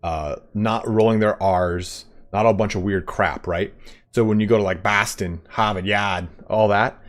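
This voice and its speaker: Deep-voiced chatty American streamer. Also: male voice, fairly even intonation, measured pace. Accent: General American. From California. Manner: rambling, chatty, answers chat. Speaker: gaming streamer. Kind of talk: casual livestream chat.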